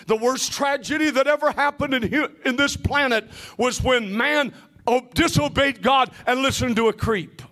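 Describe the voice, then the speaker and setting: A man with a very high voice preaches a sermon. He calls out questions and waits for the congregation to answer. He often climbs into shouts and sing-song phrases. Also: moderate pace. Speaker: pastor.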